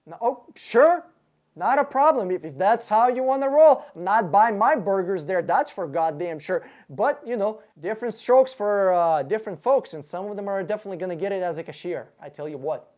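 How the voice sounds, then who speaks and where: A man's voice: high-pitched, a little mellow. A man hosting his car-buying channel, ranting angrily and sarcastically while working out costs aloud, swearing freely and often stumbling over his words. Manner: angry, profane, sarcastic, thinks aloud through sums. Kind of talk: casual rant to camera.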